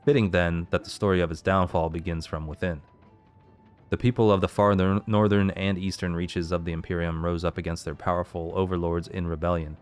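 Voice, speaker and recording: A man with a low, smooth, resonant voice reads fantasy game lore aloud as a let's play host. He keeps a steady reading pace and pauses to work out the pronunciation of unfamiliar names, with game music faint behind him.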